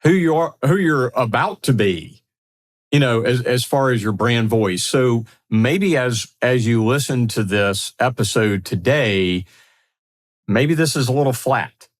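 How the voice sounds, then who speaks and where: A man's voice: mid-range voice, expressive, a little slow. A man co-hosting a podcast in a casual, upbeat way, affirming his partner and building on his points. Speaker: podcast co-host.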